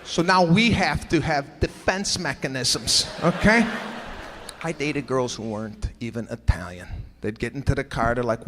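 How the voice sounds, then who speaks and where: A male stand-up comedian telling stories in an animated, exasperated way, slipping into acted-out voices. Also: a little high, a little slow, noisy background. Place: large theater with a live audience. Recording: live hall recording with crowd laughter.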